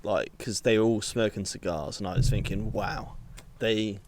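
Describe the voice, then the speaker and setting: A man's voice: on the low side, steady tone, normal speed, background noise. A young man chatting casually as a podcast co-host, rambling and laughing often at himself. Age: young adult. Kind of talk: casual chat.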